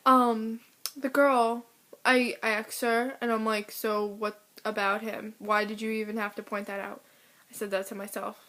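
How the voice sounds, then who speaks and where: Teen girl, vlog rant, indignant and exasperated, slightly high voice. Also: little pitch movement, measured pace, sharp tone. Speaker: vlogger. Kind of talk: casual ranting to camera.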